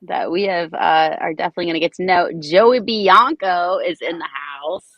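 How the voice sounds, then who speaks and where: A woman hosting a casual chat show, who laughs often and answers with quick agreement. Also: on the low side, no echo, highs cut off. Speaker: host.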